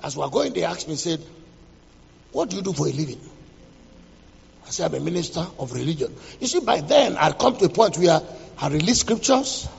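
A man, a pastor telling a dramatic testimony in a sermon, quoting scripture and swinging between loud and hushed delivery. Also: on the high side, lively intonation, fast talker, vocal fry, slightly rough. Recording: distant voice in a reverberant hall, dull sound.

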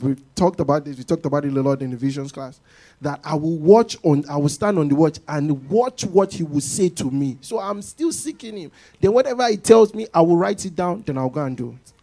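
A man preaching a sermon to a congregation in an animated way, often acting out what people say. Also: fairly high pitch.

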